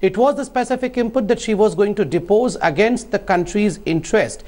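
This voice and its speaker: A man's voice: high voice, fairly quick, darkish tone. Emphatic male party spokesperson. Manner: emphatic, point-by-point rebuttal. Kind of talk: debate argument.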